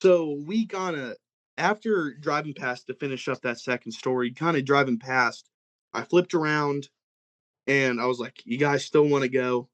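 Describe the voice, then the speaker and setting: A young man from Oklahoma recounts a creepy night in the woods as a podcast guest. His voice sits at an ordinary middle pitch, and he rambles, circling back to act out what his brother and friends said. It is casual, unscripted storytelling. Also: moderate pace. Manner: rambling, animated retelling with many "like"s and quoted dialogue. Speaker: guest telling an encounter story.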